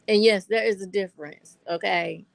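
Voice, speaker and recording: Gravelly older North Carolina woman. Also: medium pitch, normal speed, no room sound. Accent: North Carolina Southern American. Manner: chatty storyteller addressing viewers as y'all. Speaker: vlogger. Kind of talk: casual chat to camera.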